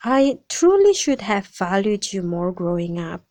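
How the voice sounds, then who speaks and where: A woman reading a personal written apology in a slow, earnest way. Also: medium pitch, sing-song, over loud music. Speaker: contributor reading her apology.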